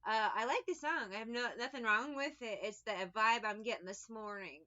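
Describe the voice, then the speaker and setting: A woman's voice: on the high side, moderate pace, hardly any pauses, bright, forceful tone, highs cut off. A woman giving a casual tarot reading, rambling, sarcastic and liberal with swearing. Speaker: tarot reader.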